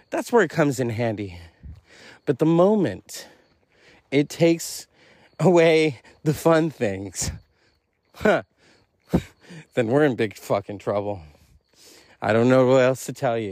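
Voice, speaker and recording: A man's voice: medium pitch, expressive, takes it slowly, pauses often, darkish tone, no room sound. A man rambling through a casual, self-recorded solo monologue, chuckling often and swearing freely. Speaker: podcast host. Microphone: self-recorded voice message.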